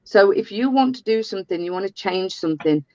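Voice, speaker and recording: A woman's voice: mid-range voice, expressive, fairly quick, mellow, lo-fi sound. A woman from the English Midlands with a Midlands accent, chatting and telling stories in a jokey way. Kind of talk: casual chat.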